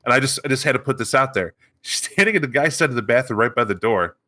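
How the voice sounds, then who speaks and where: A man's voice: medium pitch, animated, fast, bright, forceful tone. A man co-hosting a podcast, telling a tabletop game story in a casual chat and acting out the characters. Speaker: podcast co-host.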